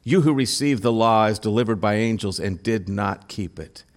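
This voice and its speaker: A man's voice: on the low side, normal speed. Guy preaching a sermon, reads the passage then really leans into it, asks the crowd stuff. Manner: reads scripture then preaches with rising intensity and direct questions. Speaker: pastor.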